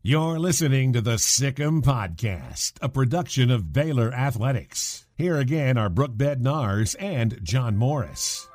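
A man reads podcast intros and sponsor spots in a polished announcer voice. His pitch moves a lot, and music plays clearly under him. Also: expressive, unhurried, few pauses, a little mellow. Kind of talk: scripted announcement and ad read.

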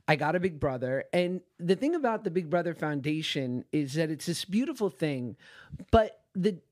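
A man's voice: on the high side, very animated, moderate pace, a little mellow. A man in his thirties, an actor guest on a podcast, telling stories casually and laughing at himself. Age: 30s. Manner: self-deprecating storyteller, laughing.

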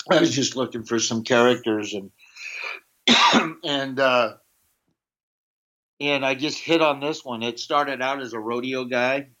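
A comedian telling rambling stories in a casual interview, with lots of fillers and quick switches into a drawling character voice for quoted lines. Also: mid-range voice, pushed and bright. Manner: rambling anecdotes, slips into a drawling put-on voice for quotes. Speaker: comedian guest. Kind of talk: casual storytelling. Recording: dull lo-fi sound.

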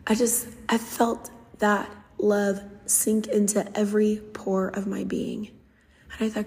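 Woman podcast host, young adult, earnest heartfelt storyteller, mid-pitched, recorded with a long reverb tail. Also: level tone, measured pace, mellow. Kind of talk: casual storytelling.

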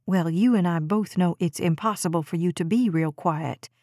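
A woman's voice: fairly low pitch, normal speed, darkish tone, no room sound, clean studio sound, voice pushed down. A woman voicing an exasperated young mother who scolds her daughter firmly but with a teasing edge. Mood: stern scolding. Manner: firm, scolding, half teasing.

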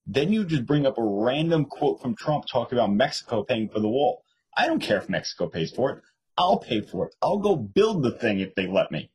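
Husky animated New man. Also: medium pitch, fairly quick, rough recording. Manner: animated storyteller, mimics others in raised voice. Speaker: podcast co-host. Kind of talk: casual political chat.

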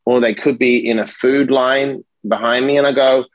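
A man's voice: mid-range voice, normal speed, no room sound, lo-fi sound. Middle-aged man, casual podcast guest, emphatic and swearing, dry close sound. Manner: emphatic, profane, animated storytelling.

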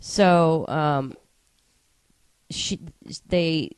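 A woman's voice: low-pitched, drawn-out words, a little mellow, clear, resonant tone, no room sound. A woman co-hosting a podcast, telling a story in a casual way with hesitations and wry asides. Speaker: podcast co-host.

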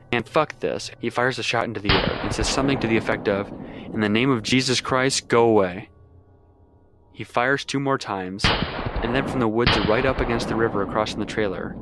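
A young man with a somewhat low voice recounts a true-sounding horror tale in the first person. He talks casually and swears constantly, like a friend telling it late at night. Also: fairly quick, noisy background. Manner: casual and heavily profane. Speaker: storyteller.

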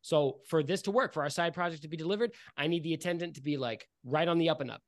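A man's voice: on the high side, fast talker, no echo, studio quality. A man narrating as game master, rambling and repeating himself with lots of "like". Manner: rambling, repeats words, many "like"s.

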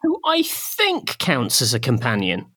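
A man's voice: medium pitch, huge pitch swings, a little slow, bright, forceful tone, husky. A man co-hosting a casual podcast chat, rambling and self-deprecating, often laughing at his own stories. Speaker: podcast co-host.

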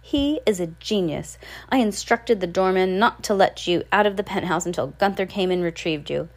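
A haughty, gloating rich villainess from a storybook, put on by a woman reading aloud. She sounds greedy and scheming, with a fairly low voice. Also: moderate pace, a little mellow.

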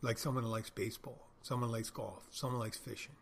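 A middle-aged podcast host and bartender spins loose, wandering stories in a husky voice, frequently stopping to correct himself in a casual monologue. His pitch stays in an ordinary middle range, his intonation fairly even, and his fairly quick delivery keeps a wry, casual, rambling tone.

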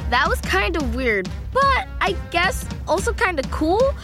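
A woman's voice: very high voice, very animated, a little slow. A woman co-hosting a kids' music lesson, bubbly and curious.

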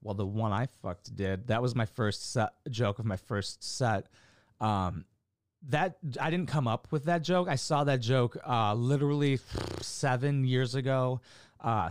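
A man rambles through a casual vlog chat about doing stand-up, full of fillers, restarts and casual swearing. His voice sits at an ordinary middle pitch. The sound is dry and close, with no room around it. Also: smooth, no echo. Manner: rambling, profane, many fillers. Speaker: amateur stand-up comic.

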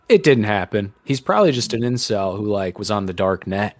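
A man's voice: on the low side, lively intonation, brisk, hardly any pauses, dry recording. A man hosting a podcast in casual chat, rambling and sarcastic, swearing casually. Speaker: podcast host.

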